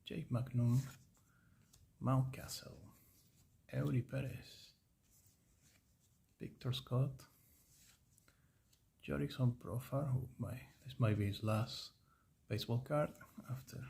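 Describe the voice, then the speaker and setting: Gravelly-voiced man streaming a card break. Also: mid-range voice, a little mellow. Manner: chatty, rambling, reading off player names.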